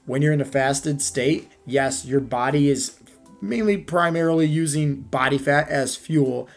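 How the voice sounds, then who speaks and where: A man's voice: on the high side, a little slow, creaky, soft background music. A man coaching his listeners on a podcast, voice sitting a bit above the usual male range. He talks emphatically, pressing his points home. He keeps checking in with "right?" and "okay?". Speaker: fitness coach. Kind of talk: podcast monologue.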